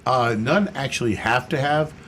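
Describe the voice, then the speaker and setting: Radio auto expert, man, mid-pitched, matter-of-fact. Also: moderate pace, a bit bright, slight background noise. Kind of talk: radio call-in chat.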